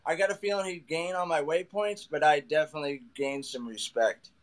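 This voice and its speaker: A man's voice: fairly high pitch, fairly even intonation, brisk. Laid-back man trash-talking and telling stories. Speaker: guest angler. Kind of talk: casual podcast chat.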